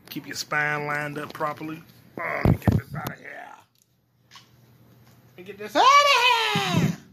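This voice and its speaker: A man rambles through a solo podcast, cursing freely and muttering to himself. His voice sits a little high. It is recorded on a phone, with a faint hiss underneath. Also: fairly bright tone. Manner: rambling, profane, talks to himself. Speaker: podcast host.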